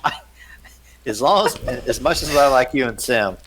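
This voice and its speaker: A man's voice: mid-range voice, animated, normal speed, fairly bright tone, a little hiss or hum, rough recording. A man in a casual chat, joking and wisecracking with the others.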